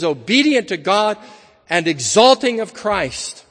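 A man's voice: a little high, very animated, normal speed, fairly bright tone, long reverb tail. A man preaching an evening sermon in an earnest, emphatic manner, building his points through repeated phrases.

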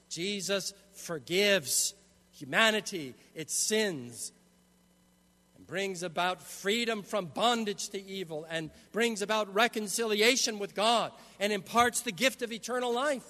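A man's voice: high-pitched, slow pace, sharp tone. A man preaching an expository sermon, emphatic, often restarting his phrases. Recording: long hall reverb.

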